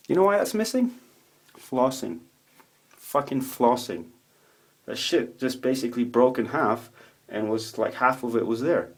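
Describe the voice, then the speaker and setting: A man in a casual, rambling video monologue, swearing a lot as he tells stories in an animated way. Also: mid-range voice, moderate pace, long pauses. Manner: profane, rambling, animated storytelling. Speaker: vlogger. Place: home room with a roommate nearby.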